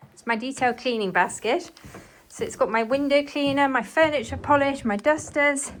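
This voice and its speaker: A woman's voice: high voice, fairly bright tone, a little hiss or hum. A woman chatting to viewers as she cleans her living room, talking while moving around the room. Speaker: cleaning vlogger. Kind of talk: casual chat while cleaning. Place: living room at home, indoors.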